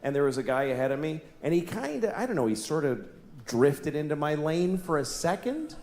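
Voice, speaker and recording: A man doing a stand-up routine, exasperated and building to shouted rants. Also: a little high, sing-song, brisk. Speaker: stand-up comedian. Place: comedy stage. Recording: echoey venue with audience noise.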